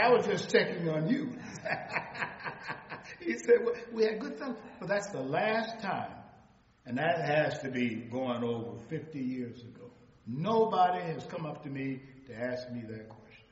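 An older man preaching in a bright, forceful voice. He tells his points as stories and climbs into loud, high-pitched peaks. The sound is dull and lo-fi, with a long echo from a large hall. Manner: retells exchanges in a storytelling voice. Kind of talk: sermon.

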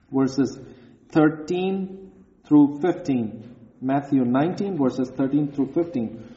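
A man preaching a sermon with an earnest, emphatic delivery, reading scripture aloud. His voice sits on the higher side and sounds mellow. The recording is dull and lo-fi, with long echo from a big hall.

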